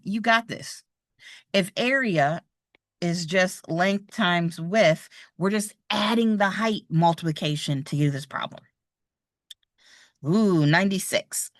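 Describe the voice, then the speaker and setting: A woman's voice: medium pitch, expressive, takes it slowly, no echo, clean studio sound. A woman teaching real estate exam math in a live online lesson, patient and encouraging as she works problems out aloud. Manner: patient, encouraging, thinks aloud while drawing.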